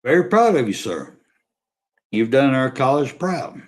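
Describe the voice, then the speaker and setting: Man, sports vlogger, slow delivery, lively swooping pitch, blunt and profane. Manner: animated, blunt, swears, rambling rant. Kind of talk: casual opinion rant.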